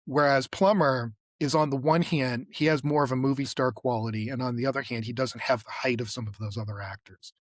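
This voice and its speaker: A man's voice: medium pitch, fairly even intonation, a little fast, few pauses, no room sound, studio quality. Rambling male podcast co-host. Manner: rambling, lots of fillers and restarts. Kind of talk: casual chat.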